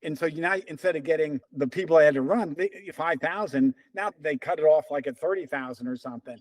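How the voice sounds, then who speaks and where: This guest, a former runner around seventy, speaks quickly in a voice on the high side, performing the lines of each character as he spins his stories in a relaxed interview. The audio has no room sound and is of low quality.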